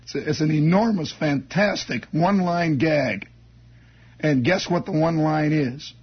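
A man's voice: a little high, measured pace, husky. A man telling a rambling comic story on the radio, wry and meandering, with chuckling asides. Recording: dull lo-fi radio broadcast.

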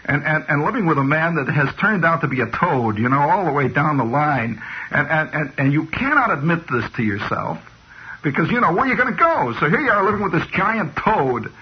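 A man's voice: on the high side, sing-song, fairly quick, husky. A man delivering a rambling comic radio monologue. He digresses constantly and keeps restarting with "you know". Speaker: radio host. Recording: dull lo-fi old radio recording.

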